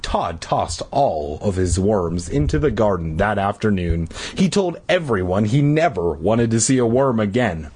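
Husky man reading aloud irreverently. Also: on the low side, sing-song, unhurried, few pauses, a little mellow. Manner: irreverent, swearing. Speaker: reader. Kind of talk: casual book reading with joking asides.

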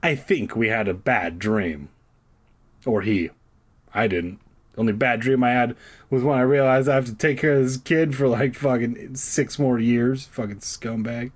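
A man's voice: medium pitch, normal speed. A man reading a children's horror book aloud, breaking off for crude, sarcastic asides. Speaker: reader.

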